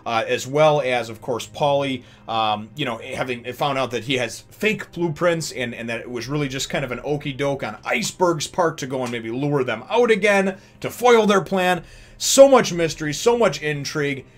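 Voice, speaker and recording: A man hosting a chatty comic review vlog at a mid-range pitch for a man. He rambles through the recap with plenty of fillers and restarts, breaking into laughs as he goes. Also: moderate pace, few pauses. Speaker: host of a manga review channel. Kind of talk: casual chapter review vlog.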